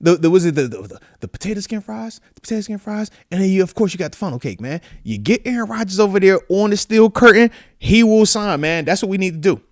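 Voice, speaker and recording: A man's voice: sits high, quick pace, few pauses, no echo, studio quality. A man in his thirties from the United States hosting a live show, chatting casually in slang and reacting to viewer comments. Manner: animated, slangy, shouts out viewers, breaks into screams when acting out riders. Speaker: podcast host, retired football player. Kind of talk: casual live-stream chat reading comments.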